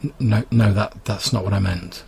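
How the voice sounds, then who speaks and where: A man's voice: lowish voice, fairly even intonation, vocal fry, a crowd in the background. A man doing a frail, gasping young woman. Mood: gentle. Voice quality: soft, breathless voice. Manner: halting, stammering.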